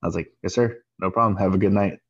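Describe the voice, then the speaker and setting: A man's voice: low-pitched, steady tone, very fast, husky. A man co-hosting a podcast, telling a story in casual chat and acting out both sides of the dialogue. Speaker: podcast co-host. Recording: dull lo-fi sound.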